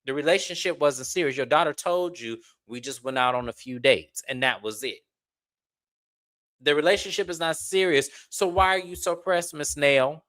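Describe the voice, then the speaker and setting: A casual reality TV recapper who speaks bluntly and with exasperation. The host talks straight to the audience and swears freely, in a mid-pitched voice. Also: moderate pace, fairly bright tone. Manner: blunt, exasperated, profane, talks to viewers directly.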